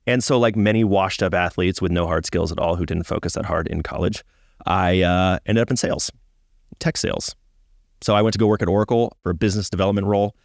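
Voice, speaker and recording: A deep-voiced man rattles off profane, self-mocking stories at high speed. His recording is close and dry, with no room sound. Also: dry recording. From Atlanta, US. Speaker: podcast guest, comedian. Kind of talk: casual interview storytelling.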